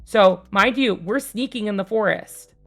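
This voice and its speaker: A young woman streamer casually telling a tabletop game story, rambling with fillers and casual swearing, growing more animated as it goes. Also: medium pitch, measured pace, faint music behind. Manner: gets louder and more animated as the story builds.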